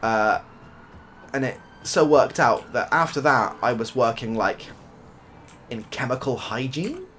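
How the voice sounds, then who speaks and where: In soft-spoken gameplay chat, a young man from the United Kingdom rambles casually through a story, sometimes swearing. He's an ASMR gaming streamer whose mid-range, slightly bright voice is very animated but a little slow. There's a little hiss or hum.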